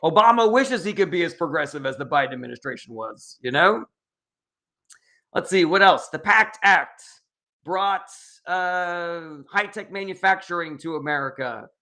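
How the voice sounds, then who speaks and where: Bright-voiced blunt livestream host, man. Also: a little high, animated, moderate pace. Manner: blunt, combative and sarcastic with commenters, swears freely. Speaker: political livestream host answering chat. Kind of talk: casual livestream Q&A, reading chat comments aloud.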